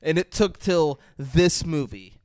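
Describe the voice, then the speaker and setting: A man's voice: a little high, slow, darkish tone, dry recording, studio quality. A man co-hosting a podcast, ranting in disbelief and swearing as he chats about a movie. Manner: incredulous, ranting, profane. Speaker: podcast co-host. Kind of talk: casual movie review chat.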